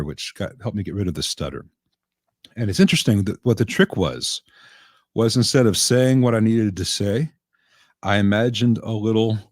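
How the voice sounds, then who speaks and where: Low-voiced American man with a faint Southern twang. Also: a little mellow, no room sound. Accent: light American Southern. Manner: chatty, dry humor, frequent restarts. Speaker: guest amp technician. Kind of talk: casual live chat.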